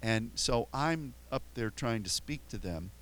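A man's voice: mid-range voice, lively intonation, a little slow, fairly bright tone, low-quality recording. An older American man, a pastor, telling rambling, self-mocking stories with many restarts before his sermon. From United States. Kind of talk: anecdotal sermon storytelling.

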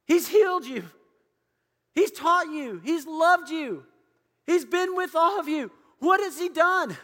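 A man's voice: extremely high pitch, lively intonation, takes it slowly, pushed and bright, big-room sound, voice pushed up, exaggerated voice. A man voicing an anxious, torn Roman governor in an agitated, pleading manner.

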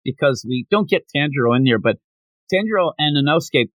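Brief: male podcast host, casual rambling recap, animated delivery, dry mic. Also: fairly high pitch, brisk, no room sound, low-quality recording. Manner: rambling, animated, acts out quoted lines. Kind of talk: casual chat recapping a manga chapter.

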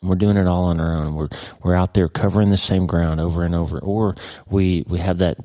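A man's voice: sits low, steady tone, fairly quick, warm tone, no room sound, studio quality. A middle-aged man from the United States hosting a podcast, speaking in a rambling, earnest way with frequent restarts. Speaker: podcast host. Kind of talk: casual devotional talk.

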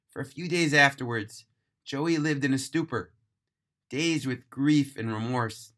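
Male storyteller, mid-pitched, bright and clear, dramatic read-aloud delivery. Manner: earnest, emphatic, slowing on key phrases. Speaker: narrator.

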